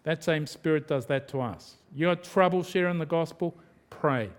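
Man preaching with a higher voice. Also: moderate pace. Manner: conversational preaching with acted-out quotes. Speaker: pastor. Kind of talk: sermon.

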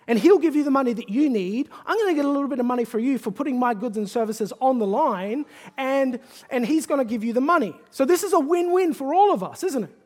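An eager young man talks up a quick-money deal in a salesy sermon role-play, as a preacher acts him out. The pitch is louder and slightly raised. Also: expressive. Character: scheming young man chasing a quick profit.

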